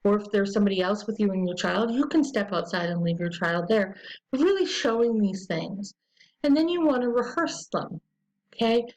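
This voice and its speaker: A woman presenting an educational webinar, talking casually with frequent ums and slowing into a soothing voice to model calm self-talk. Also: medium pitch, rough recording.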